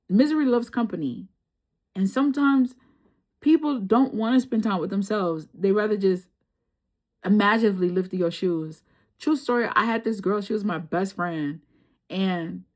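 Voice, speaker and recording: Slangy, animated woman storyteller. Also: mid-range voice, moderate pace, pauses often. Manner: slangy, animated, laughs often. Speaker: tarot reader. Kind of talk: casual storytelling tarot reading.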